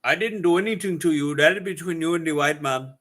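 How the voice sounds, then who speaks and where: A man's voice: on the high side, quick pace, a bit bright, voice pushed up, lightly acted. A man voicing a dismissive Indian man who speaks in stiff, formal phrases.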